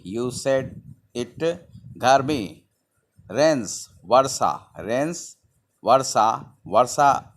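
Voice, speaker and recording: A man teaching a lesson at a very slow, careful pace, repeating each word again and again. He spells out the words letter by letter. His voice sits at an ordinary middle pitch. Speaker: Hindi teacher.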